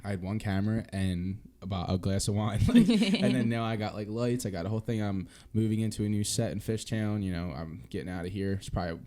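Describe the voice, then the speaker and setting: A man, hosting a casual podcast chat. His voice sits very low and dark, and the words tumble out quickly. He rambles and restarts, leaning on fillers and the odd swear. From Philadelphia. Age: 20s. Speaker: podcast host.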